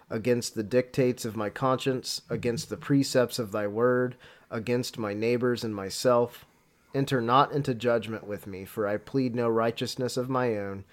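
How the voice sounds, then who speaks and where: A man hosting a podcast who is tired and sick with a cold, laughing often in chat and reading a prayer slowly and solemnly. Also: mid-range voice. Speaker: podcast host.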